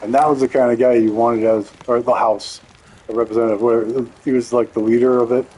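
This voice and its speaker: Male game streamer, mid-pitched voice, loose and profane, rambles through a story while playing. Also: flat delivery, a little fast, mellow, slightly rough, low-quality recording. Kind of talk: casual storytelling while gaming.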